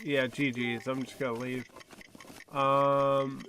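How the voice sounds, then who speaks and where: Slow-talking man streaming games. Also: mid-range voice, slight background noise. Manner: relaxed, wry, offhand asides. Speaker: gaming streamer. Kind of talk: casual livestream commentary.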